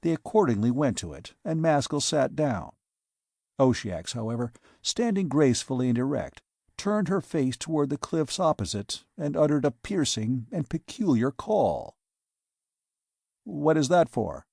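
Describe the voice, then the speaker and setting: Male narrator for classic fiction, measured and even, warm dark voice. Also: medium pitch, creaky, dry recording, clean studio sound. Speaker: audiobook narrator. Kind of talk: scripted narration.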